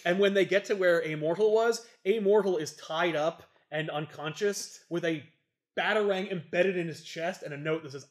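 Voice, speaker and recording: A man's voice: fairly high pitch, normal speed. A young adult man casually recapping a comic book story, rambling with fillers. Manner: rambling, lots of fillers and voices. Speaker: podcast host retelling a comic. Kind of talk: casual chat.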